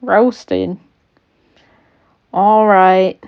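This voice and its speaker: A woman's voice: mid-range voice, very slow, clean tone, lo-fi sound. A woman playing an easygoing town shop owner who talks in a chatty, offhand way, eager to please. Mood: obliging.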